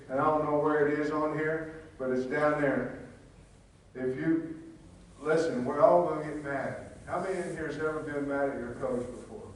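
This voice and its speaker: Older man, football head coach addressing a clinic, blunt and folksy, heard from a distance in a booming hall. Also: moderate pace, background noise. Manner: blunt, folksy and plain-spoken, with frequent restarts. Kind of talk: clinic talk to a room of coaches. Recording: very echoey hall, distant from the mic.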